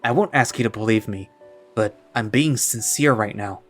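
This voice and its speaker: A man voicing a gentle apologetic tiger. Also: on the low side, moderate pace, soft background music, close to an everyday voice. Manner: soft, apologetic, pleading. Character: gentle secretive male tiger friend, apologetic.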